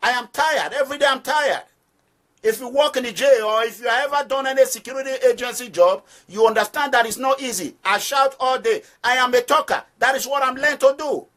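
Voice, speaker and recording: A very high-pitched, slightly bright voice with a Nigerian accent moves at a fairly quick pace. The speaker, who leads an activist movement, addresses listeners directly with emphatic, preaching political commentary and repeated phrases for stress.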